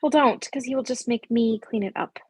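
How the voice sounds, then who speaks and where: A deadpan, skeptical teen girl, read by a woman in a fan script reading. The voice is slightly husky and close and dry on the mic, with flat, understated lines. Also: a little high, fairly quick, no room sound, low-quality recording.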